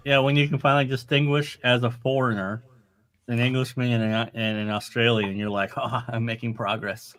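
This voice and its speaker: A man's voice: mid-range voice, flat delivery, fairly quick, a bit bright, dry recording. A man from northern Wisconsin chatting casually on a podcast, swearing freely. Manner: loose, swears freely, laughs along. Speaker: podcast co-host. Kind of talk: casual chat.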